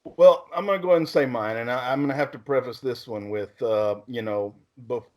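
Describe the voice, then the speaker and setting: A man's voice: mid-range voice, brisk, darkish tone. A man hosting a casual podcast, joking and swearing as he runs the segments. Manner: joking, profane, hosts the segments. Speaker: podcast host.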